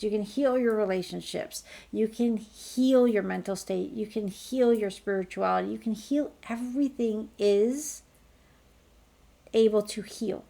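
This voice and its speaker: A woman leading a group healing call, talking listeners through it in a gentle, reassuring, slow guiding way. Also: medium pitch, vocal fry. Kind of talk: guided healing talk.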